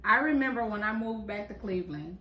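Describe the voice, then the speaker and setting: Bright animated woman, echoey and distant. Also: medium pitch, brisk. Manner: animated storyteller, acts out voices of others. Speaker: podcast co-host. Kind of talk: casual storytelling chat. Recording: echoey room, mic at a distance.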